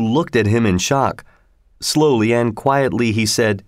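A man narrating a story in a steady, measured reading. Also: mid-range voice, no room sound, clean studio sound.

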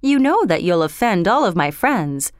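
A woman voicing a stern, kindly older society mother with a sharp, scolding way of speaking, in a storybook reading. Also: on the low side, sing-song, moderate pace, dry recording, clean studio sound.

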